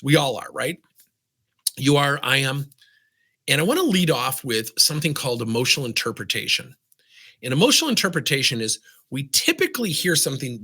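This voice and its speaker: Energetic male coach, lively swooping delivery, slightly husky tone. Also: medium pitch. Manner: animated, asks rhetorical questions. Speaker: business coach. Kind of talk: lively coaching talk to camera.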